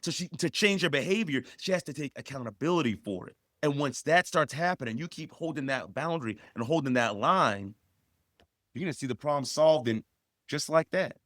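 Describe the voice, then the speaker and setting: A man's voice: a little high, lively intonation, a little fast, a bit bright, no echo, studio quality. A man co-hosting a podcast, giving emphatic, repetitive advice that rises sharply when he stresses a point. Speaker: podcast co-host.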